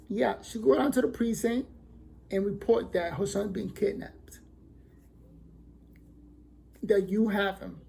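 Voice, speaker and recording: A man telling a personal story casually, acting out the dialogue with lively quoted lines. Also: sits high, gravelly. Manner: animated, acts out quoted dialogue.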